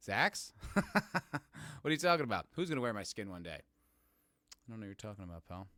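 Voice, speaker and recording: A man's voice: fairly low pitch, big pitch swings, fast talker, pushed and bright, no echo, studio quality. A man hosting his podcast as a casual live-stream chat, rambling and joking and greeting chat viewers by name. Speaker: podcast host.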